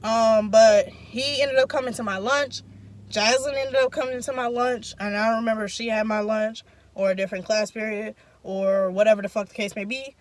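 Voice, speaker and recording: A woman's voice: on the high side, fairly even intonation, normal speed. A young woman in casual storytime, telling a story with emphatic, profanity-heavy slang. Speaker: vlogger.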